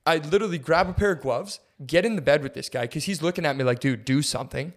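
A young man co-hosting a podcast, telling a story casually and acting out quotes with big jumps in his voice. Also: fast talker. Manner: animated, acts out quotes with big pitch jumps. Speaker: podcast co-host.

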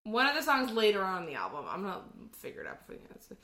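A woman's voice: mid-range voice, wildly swooping pitch, very fast, pushed and bright. A woman co-hosting a podcast in casual chat, explaining where phrases come from, with lots of fillers. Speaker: podcast co-host. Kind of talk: casual chat sharing trivia.

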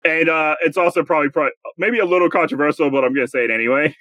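Guy running a quote quiz on a podcast, kinda high voice, dry close sound, laughs a lot. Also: very fast, fairly bright tone, no room sound. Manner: reads out quotes, laughs often. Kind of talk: casual chat.

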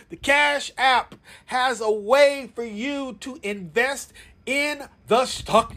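A man's voice: very high voice, slow, bright, forceful tone. A young man hosting a podcast, talking casually and playfully to his listeners, joking and chanting along with them. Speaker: podcast host.

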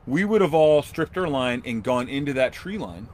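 A man hosting a podcast, telling a long outdoor story in a rambling, animated way and acting out what people said. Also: mid-range voice, moderate pace, a little hiss or hum. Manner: rambling, animated, acts out quotes. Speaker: podcast host. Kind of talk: casual storytelling.

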